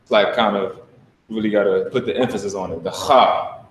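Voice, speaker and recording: A man standing in as teacher in a live online class, talking casually and slowly sounding out letters one by one with emphasis. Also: fairly low pitch, steady tone, a little hiss or hum. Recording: echoey room, voice from a distance.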